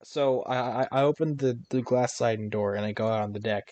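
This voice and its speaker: A man's voice: mid-range voice, brisk, a little mellow, no echo. Rambling young man, dry close sound. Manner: rambling storyteller with many restarts and fillers. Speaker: podcast co-host. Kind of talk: casual chat.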